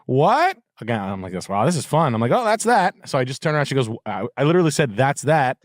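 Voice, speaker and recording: A man's voice: mid-range voice, big pitch swings, fast, no echo, clean studio sound. A middle-aged man hosting a podcast, telling a rambling story in a profane, sardonic way. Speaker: podcast host. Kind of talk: casual storytelling chat.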